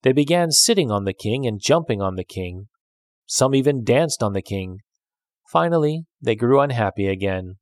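A man reading a children's fable aloud, with an expressive storytelling delivery. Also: medium pitch, normal speed, dry recording, studio quality.

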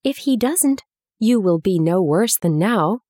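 A woman's voice: medium pitch, lively intonation, a little slow, dark tone, dry recording, studio quality, pitched above the performer's own voice. A woman voicing a polite, kind young girl on a journey, plain-spoken.

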